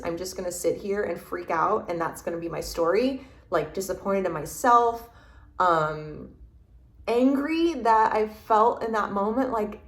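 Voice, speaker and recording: A woman with a lowish voice recounts a personal experience as an interview guest. She halts and restarts often while searching for words. The room around her sounds echoey. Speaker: podcast guest. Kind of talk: reflective interview storytelling. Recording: roomy echo.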